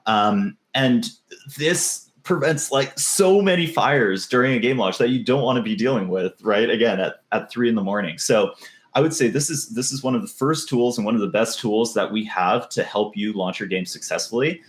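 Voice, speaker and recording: A man explaining his service in a casual podcast discussion, relaxed and peppered with "um" and "right?". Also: medium pitch, moderate pace, echoey room. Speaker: game server service specialist.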